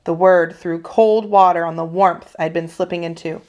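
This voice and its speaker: A woman teacher reading a children's novel aloud in a steady, expressive storytelling voice. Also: fairly low pitch, normal speed. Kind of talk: children's read-aloud narration.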